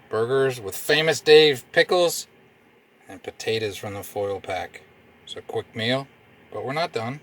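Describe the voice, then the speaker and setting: Man, casual cooking vlog, upbeat and chatty, bright tone, inside an RV. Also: mid-range voice, a little hiss or hum. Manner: chatty and upbeat, laughs often. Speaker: RV vlogger.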